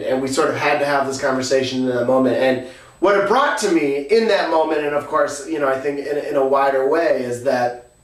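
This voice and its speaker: A man hosting a podcast and telling a story in a casual, halting way, stopping often for filler sounds. His voice sits a bit high for a man and carries a roomy echo, as though he is some distance from the mic. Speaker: podcast host.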